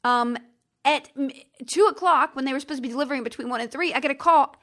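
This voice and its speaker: A middle-aged woman hosting a podcast, telling a long story in casual chat, animated and exasperated, acting out phone calls in quoted voices. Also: high voice, fast talker. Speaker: podcast host.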